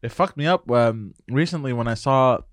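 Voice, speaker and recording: A man's voice: mid-range voice, normal speed, no echo, studio quality. A man co-hosting a podcast, asking questions and laughing along with the others. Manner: questioning, easily amused. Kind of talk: casual podcast banter.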